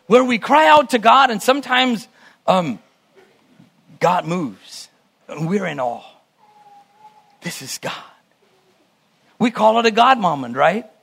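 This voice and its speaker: A man with a high, slightly bright voice and some vocal fry preaches a sermon. He reads scripture aloud and then muses on it, often stopping to restart his thoughts as he teaches from the Bible.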